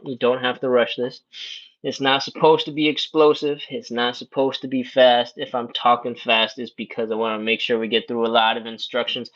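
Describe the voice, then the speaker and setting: A man leading a live stretching workout, counting reps and breaths in a calm coaching manner. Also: medium pitch, lo-fi sound. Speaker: stretching instructor. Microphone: livestream setup.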